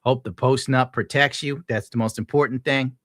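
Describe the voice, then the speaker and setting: Bright, profane livestreaming man. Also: medium pitch, fairly even intonation, moderate pace, no echo, clean studio sound. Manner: profane, rambling, laughs often. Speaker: livestreamer reading chat messages. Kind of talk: casual livestream rant.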